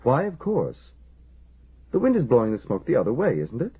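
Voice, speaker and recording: A man's voice: mid-range voice, normal speed, slightly rough, pitched above the performer's own voice, heavily acted. A man voicing a stern, dismissive male government official. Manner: stern, flat stating. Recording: lo-fi phone-like audio.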